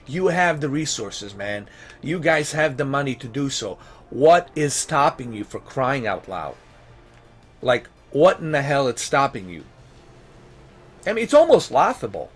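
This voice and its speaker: A man's voice: medium pitch, very animated, a little slow, faint music behind. A man ranting in vlog commentary about games, exasperated and emphatic, swearing and firing off rhetorical questions. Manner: pleading and emphatic. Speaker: gaming vlogger.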